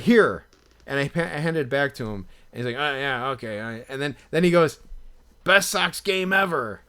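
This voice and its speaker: A man tells a story on a casual podcast at a middling pitch. He gets animated, pushing his voice up and louder as he acts out each quote. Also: clear, resonant tone. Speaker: podcast co-host.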